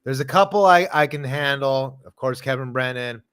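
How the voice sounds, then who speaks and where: A man who is a comedian guest on a casual podcast, animated and slangy, mocking what he dislikes. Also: mid-range voice, normal speed, smooth.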